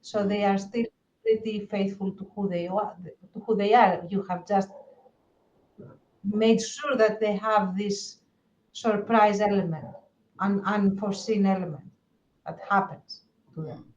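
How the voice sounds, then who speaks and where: A woman with a noticeable accent talks through an idea on a podcast, pausing and restarting as she works it out. Her pitch sits in an ordinary middle range. The audio is slightly dull and lo-fi. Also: steady tone, darkish tone, echoey room. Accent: non-native English accent. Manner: thoughtful, hesitant restarts. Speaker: podcast co-host. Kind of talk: casual chat.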